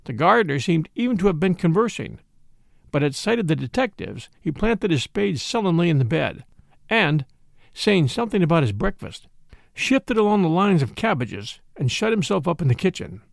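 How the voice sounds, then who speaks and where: Guy reading a mystery audiobook, expressive, kinda gravelly, dry close mic. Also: a little high, normal speed, no room sound. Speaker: audiobook narrator.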